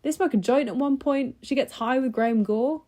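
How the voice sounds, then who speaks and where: Mellow-voiced young woman chatting about books. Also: high voice, normal speed. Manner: chatty and enthusiastic, with many fillers and restarts. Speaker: book vlogger. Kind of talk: casual book review chat.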